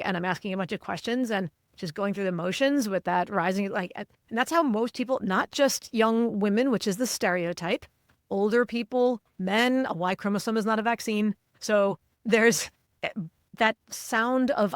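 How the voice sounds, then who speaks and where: Woman, middle-aged, emphatic coaching voice, mid pitch, dry close mic. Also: normal speed, dry recording. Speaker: guest, cognitive linguist and executive coach. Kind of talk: podcast interview.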